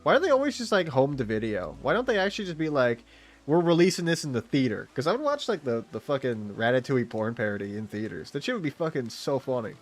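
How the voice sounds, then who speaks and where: A man's voice: mid-range voice, very animated, fast, hardly any pauses, soft background music. A young man streaming a game, chatting in a rambling, crude, giggly way. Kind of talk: casual chat while streaming a game.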